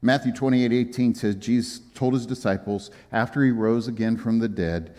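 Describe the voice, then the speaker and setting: A man of middle pitch delivers a sermon as a pastor, easing his points in through folksy, humorous storytelling. His voice carries the long, lingering reverb of a church sanctuary. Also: normal speed, warm tone.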